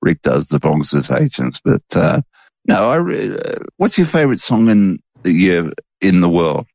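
A laid-back man hosts a casual late-night chat from home, rambling and chuckling. His voice is extremely deep, gravelly and husky, with a slow unhurried drawl. The recording is dry and a little dull. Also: sing-song, darkish tone, no echo. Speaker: podcast host.

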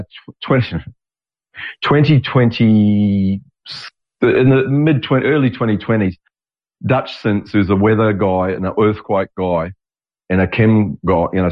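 Man, 60s, podcast host, digressive casual monologue, low pitch, dull lo-fi recording. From Australia. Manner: digressive, restarts often, swears. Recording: dull lo-fi audio.

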